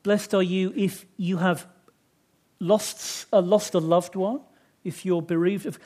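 High-voiced chatty male preacher. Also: fairly even intonation, slow, mellow. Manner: chatty, self-deprecating, many restarts. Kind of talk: sermon.

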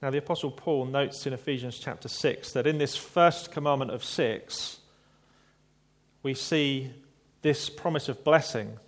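This preacher speaks at an even, medium pitch, delivering his sermon in a thoughtful, measured manner and slowing down to stress points. Occasionally he addresses his listeners with a light aside.

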